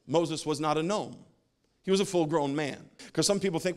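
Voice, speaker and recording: A man's voice: on the high side, normal speed, a little mellow. Joking male pastor preaching a sermon. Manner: jokey storytelling, laughs at his own stories.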